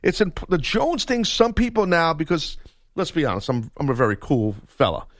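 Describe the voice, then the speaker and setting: A man's voice: on the high side, big pitch swings, moderate pace, dry recording. Brief: Southern US male radio host, jokey and boastful, dry studio sound. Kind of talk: casual radio banter. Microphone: studio mic.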